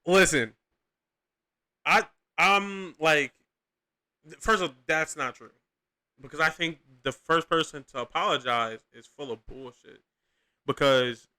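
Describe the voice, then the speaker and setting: A man's voice: medium pitch, bright, forceful tone, clear, resonant tone. A young man hosting a podcast, giving casual, profane, rambling reaction commentary with lots of slang and restarts. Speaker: podcast host reacting to clips.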